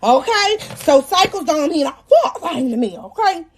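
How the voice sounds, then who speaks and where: High-pitched young woman, live-stream storyteller, animated, cussing, laughing a lot. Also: moderate pace. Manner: animated, profane and laughing as she tells the story.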